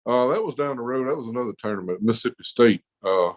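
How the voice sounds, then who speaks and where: A man's voice: medium pitch, fast talker, rough recording. A man telling a rowdy story on a podcast in a rambling, profane way, laughing often. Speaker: podcast guest. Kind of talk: casual storytelling.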